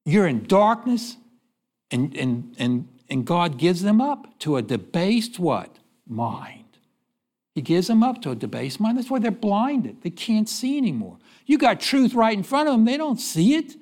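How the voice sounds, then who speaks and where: A man preaching a sermon, telling stories and asking the congregation questions, then dropping low to give the answers. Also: very animated, unhurried, a little mellow. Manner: preaching with call-and-response questions and sudden drops to a low voice. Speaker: pastor.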